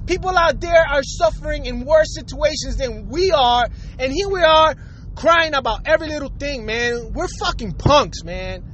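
High-voiced vlogger, furious profane rant, faint traffic behind. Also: lively intonation, moderate pace, a bit bright, rough recording. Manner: angry, emphatic, heavy swearing. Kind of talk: profane ranting monologue.

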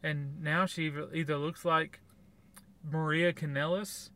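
A man's voice: a little high, little pitch movement, a little slow, pushed and bright, no room sound. A man co-hosting a podcast, giving blunt, sarcastic opinions in casual review chat. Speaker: podcast co-host.

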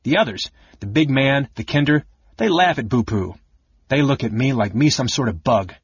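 A man's voice: mid-range voice, expressive, moderate pace, breathy edge, no room sound, highs cut off, pitched above the performer's own voice. A man voicing a ragged female gully dwarf who speaks in broken pidgin. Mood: defiant.

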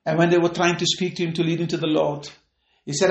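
A man preaching a fervent podcast sermon and prayer, repeating phrases and rising to shouted peaks. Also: on the high side, level tone, fast talker, gravelly, roomy sound.

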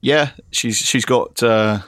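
A man's voice: medium pitch, takes it slowly, a bit bright, no room sound. A man hosting a podcast, chatting casually in a dry, teasing way with lots of fillers. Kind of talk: casual chat.

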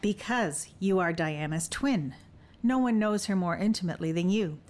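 A woman's voice: fairly low pitch, animated, normal speed, a little mellow, close to an everyday voice. A woman narrator voicing a fierce, teasing young warrior woman who speaks in a bold, old-fashioned way in an audiobook. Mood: determined. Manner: archaic, bold and playful. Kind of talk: audiobook dialogue.

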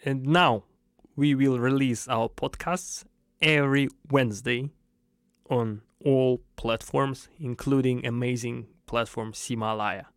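A man's voice: medium pitch, fairly even intonation, takes it slowly, smooth, no room sound, clean studio sound. Russian-accented man, chatty podcast co-host. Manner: non-native phrasing, laughs often. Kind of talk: casual podcast chat.

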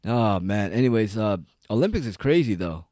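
A man's voice: fairly low pitch, sing-song, moderate pace, mellow, dry recording, studio quality. A man giving a casual, rambling, profane rant as an online commentator. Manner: profane, rambling, heavy on "like" and "dude".

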